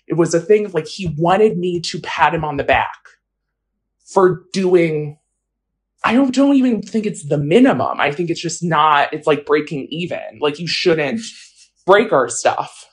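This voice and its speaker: A woman's voice: low-pitched, expressive, moderate pace. A woman telling her own story in an interview, casual and blunt, with frequent fillers. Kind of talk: personal account in an interview.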